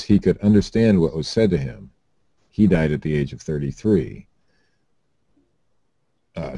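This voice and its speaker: A man's voice: deep voice, vocal fry, warm tone, no echo. A man hosting a comedy podcast, reading odd news items aloud with joking asides and occasional stumbles.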